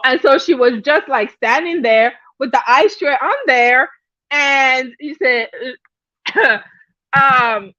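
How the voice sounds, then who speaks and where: High-voiced woman chatting on a livestream. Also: fairly bright tone, dry recording, dull audio. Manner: chatty, laughs often, greets viewers by name. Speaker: livestream host. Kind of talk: casual livestream gossip chat.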